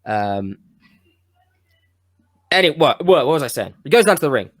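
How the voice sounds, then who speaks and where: A man co-hosting a podcast, pitching a wrestling storyline in casual chat, rambling and losing his thread now and then. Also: big pitch swings, normal speed, a bit bright. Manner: rambling, self-interrupting, with bursts of enthusiasm. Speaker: podcast co-host.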